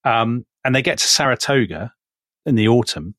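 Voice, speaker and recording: A man co-hosts a podcast and tells history in a lively, teasing way. His voice sits at a middling pitch. He is heard up close, dry, with no room sound around him. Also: moderate pace, no room sound. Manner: chatty, teasing storyteller. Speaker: podcast co-host. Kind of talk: casual history chat.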